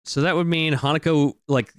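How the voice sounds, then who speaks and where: A man's voice: a little high, steady tone, normal speed, smooth, dry recording. A man casually commenting while playing a game, swearing offhandedly.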